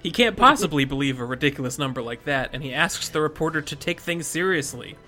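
A man with a bright, forceful voice hosts a casual podcast, walking through the plot and laughing often. Faint music sits under his talk. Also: on the high side, animated, fast talker. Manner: laughs often, summarizes plot between jokes. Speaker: podcast host recapping chapters.

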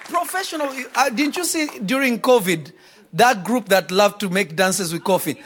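Preacher, high voice, animated shouted delivery over a responding crowd. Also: male voice, moderate pace. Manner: preaching with shouted bursts and acted-out quotes. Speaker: pastor. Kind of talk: sermon. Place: church before a congregation. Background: congregation responding.

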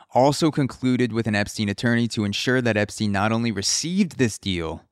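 A man talks through a casual solo podcast in a fairly low, smooth, resonant voice. He rambles, swears freely and drifts into comic tangents. The sound is close and dry, with no room around it. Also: dry recording. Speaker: podcast host.

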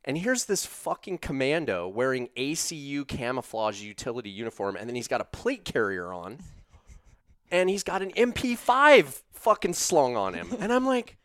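A man telling a long story in casual conversation, animated and profane, with lots of "like". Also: mid-range voice, moderate pace, dry recording, clean studio sound. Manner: profane, animated, uses "like" a lot. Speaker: storyteller guest.

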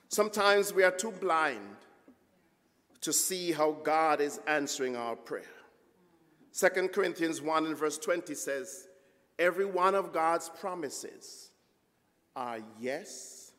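High-voiced preacher in a reverberant church. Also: male voice, a bit bright. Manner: storytelling preacher calling for congregation responses. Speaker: guest preacher. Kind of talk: sermon. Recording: long reverb of a church hall.

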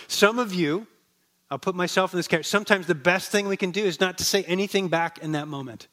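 A man preaching a sermon with a slightly high voice, telling stories in a relaxed, conversational way. He slows down and softens on the words he wants to land. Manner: conversational storytelling, drops soft and slow on key words. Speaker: pastor. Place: church.

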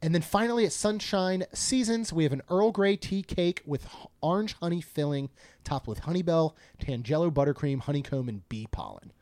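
A man's voice: a little high, expressive, moderate pace, darkish tone, no room sound. A man co-hosting a casual podcast, chatting and joking while reading out a food menu. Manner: chatty, jokey, reads menu items aloud. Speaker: podcast co-host.

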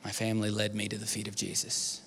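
A man preaching a sermon, telling a personal story and moving from hushed near-whispers to loud pleading. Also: lowish voice, completely flat delivery, fast talker, a little hiss or hum. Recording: long hall reverb with faint music.

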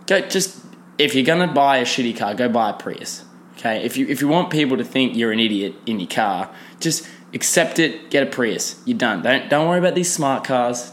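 A man's voice: medium pitch, slight background noise. A young man, rambling casually through a solo podcast with lots of fillers and restarts. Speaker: podcast host.

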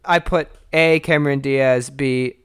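Smooth-voiced man hosting movie trivia. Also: mid-range voice, fairly even intonation, unhurried, a bit bright. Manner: runs trivia quizzes, joking. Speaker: podcast co-host. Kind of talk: casual movie podcast chat.

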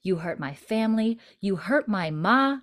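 A woman voicing a young female healer who speaks with quiet, intense menace while retelling a TV scene. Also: medium pitch, animated, unhurried, lightly acted. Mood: vengeful.

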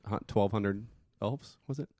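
Very deep-voiced playful woman. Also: unhurried, darkish tone, no echo, clean studio sound. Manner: playful and joking. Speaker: podcast host. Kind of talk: casual podcast chat.

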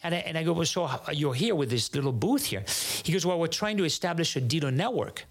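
A man from France with a French accent, a native French speaker, telling a story as a podcast guest in a lively way that acts out both sides of each conversation and often restarts his sentences. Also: on the high side, fast talker. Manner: animated, acts out dialogue, frequent restarts. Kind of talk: casual storytelling.

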